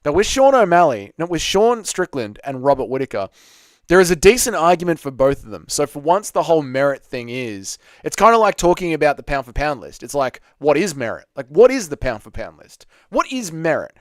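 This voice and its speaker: A young man hosts a casual live stream and chats loosely with his viewers. His voice is clear and smooth, with a lively, swinging pitch. The sound is dry and close to the microphone. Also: brisk, no room sound. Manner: chatty, reads chat aloud, banters with viewers.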